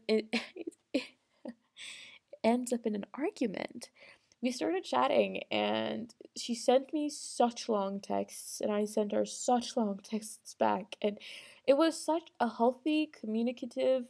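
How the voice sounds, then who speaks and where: A woman's voice: a little high, slow, gravelly, darkish tone. A young woman talking casually and earnestly to her audience, rambling with restarts and small laughs. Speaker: vlogger. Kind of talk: casual personal monologue.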